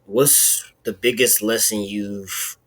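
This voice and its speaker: A young man, the host's son, asks his father a question hesitantly, halting with fillers. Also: on the low side, steady tone, a bit bright.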